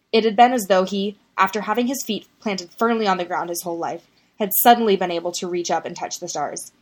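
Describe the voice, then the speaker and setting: Woman narrating a story, lowish voice. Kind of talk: audiobook narration of fiction.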